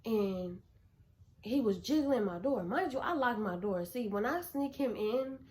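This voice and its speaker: Young woman vlogger, pitched a bit high, blunt and animated, casual storytime delivery. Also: a little slow. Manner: animated, blunt, swears freely.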